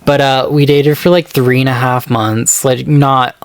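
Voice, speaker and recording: A man's voice: steady tone, a little slow, dry recording. A man co-hosting a podcast, telling a personal story in a casual, rambling way, full of fillers and acted-out quotes. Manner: rambling, filler-heavy, acts out quoted texts in a higher voice. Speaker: podcast co-host.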